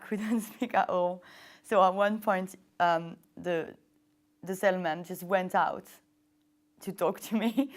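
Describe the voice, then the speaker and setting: A woman's voice: fairly low pitch, clear, resonant tone. A young woman telling her story in an interview, with many ums, simple non-native phrasing and light laughs, on a lapel mic indoors. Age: young adult. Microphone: wireless lapel mic.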